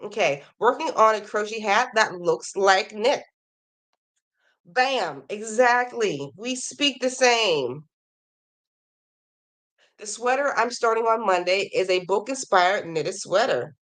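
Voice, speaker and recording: Taking it slowly, the crochet podcast host speaks at medium pitch with an animated, fairly bright voice. She reads viewers' emails in a casual, enthusiastic way, gushing over their work, though her voice is a little worn and starting to go.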